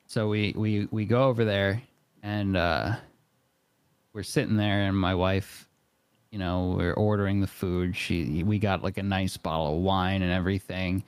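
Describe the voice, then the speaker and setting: A man's voice: deep voice, a little slow, clean tone, no room sound. A man, a podcast guest, telling a long story casually with lots of fillers and frequent laughter. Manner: animated, laughing often, many fillers.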